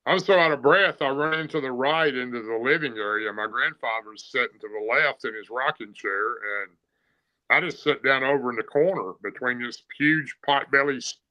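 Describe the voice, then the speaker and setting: A man's voice: medium pitch, moderate pace, dull audio. A man telling a story in a plain-spoken, rambling way, with many fillers. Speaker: guest telling an encounter story. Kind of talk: casual storytelling.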